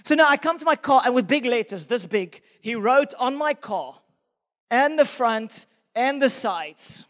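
A man in his forties from South Africa, preaching a sermon and telling a story about himself with animated, self-mocking energy. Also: very high voice, measured pace. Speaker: pastor. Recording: long reverb of a hall.

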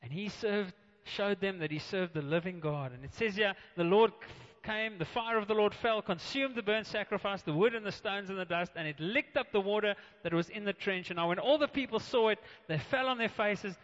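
A man with a high voice preaches a sermon and tells the story with animated delivery. He acts out the quoted voices and often restarts his words. The sound is muffled and carries a long hall reverb. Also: brisk.

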